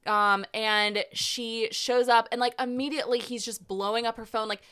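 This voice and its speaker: A woman's voice: on the high side, fairly even intonation, normal speed, sharp tone, smooth. A young woman co-hosting a podcast, speaking bluntly and emphatically with casual swearing. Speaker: podcast co-host. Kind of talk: casual chat.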